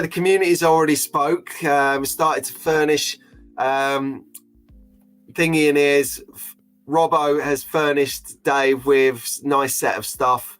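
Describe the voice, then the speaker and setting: A man's voice: fairly high pitch, takes it slowly, fairly bright tone, soft background music. A middle-aged man hosting a live stream in a chatty, jokey, openly emotional way. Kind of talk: casual live-stream chat.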